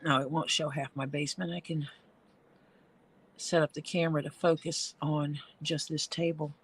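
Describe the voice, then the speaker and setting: A woman's voice: low-pitched, level tone, normal speed, husky. A woman streaming her leatherwork from a home basement workroom, chatting and thinking aloud as she works. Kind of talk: casual livestream chat while working.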